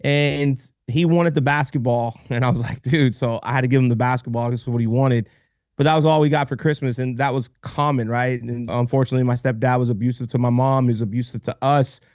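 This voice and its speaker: In a relaxed interview chat, an entrepreneur on a podcast grows emotional and close to tears, frequently starting his sentences over while speaking with honest earnestness. His mid-range voice runs a little fast, a bit mellow, with fairly even intonation, recorded dry at studio quality.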